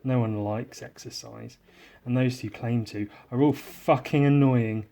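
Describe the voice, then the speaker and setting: A man's voice: mid-range voice, fairly even intonation, a little slow, gravelly. Sarcastic Englishman rambling while drawing. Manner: sarcastic, self-mocking, often trails off quietly. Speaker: artist hosting a drawing podcast.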